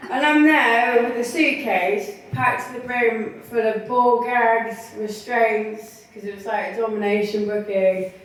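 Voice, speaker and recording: A woman does a bawdy stand-up comedy set at a bar comedy night, with a slightly high voice. She giggles at her own stories and acts out the people in them. The sound is very echoey and seems to be recorded from across the room. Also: drawn-out words, a bit bright. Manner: bawdy, laughing at own jokes, quoting in voices. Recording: echoey bar, mic heard from far.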